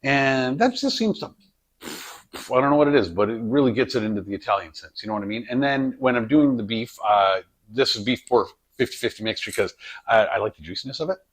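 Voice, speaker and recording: Recorded on a tripod-mounted camera, a man hosts a home cooking vlog, rambling and joking as he works in his kitchen. His medium-pitched voice is lively and slightly breathy, and he talks a little fast.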